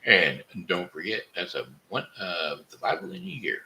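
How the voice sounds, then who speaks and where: Gravelly slow-talking man. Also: fairly low pitch, big pitch swings, sharp tone, rough recording. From Missouri, USA. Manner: rambling and halting, with many fillers and restarts. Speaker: livestream host reading chat. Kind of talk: casual live-stream chat.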